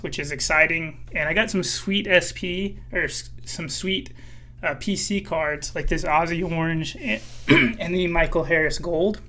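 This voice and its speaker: A man hosting his own collecting channel, chatting casually with many fillers, a little hoarse and clearing his throat. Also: on the high side, fairly bright tone, a little hiss or hum. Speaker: card collecting channel host. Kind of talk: casual vlog commentary.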